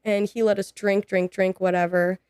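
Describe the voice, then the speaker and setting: Woman, twenties, podcast guest, casual storytelling, acts out dialogue, smooth clear voice, dry sound. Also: medium pitch, moderate pace, no room sound. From United States. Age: 20s. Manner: animated, acts out quoted dialogue.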